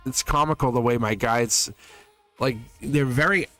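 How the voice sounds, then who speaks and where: A man hosting a tarot-reading livestream addresses his viewers directly in a loose, chatty manner, laughing often and backtracking on his words. His middle-pitched, fairly bright voice keeps a measured pace over faint background music.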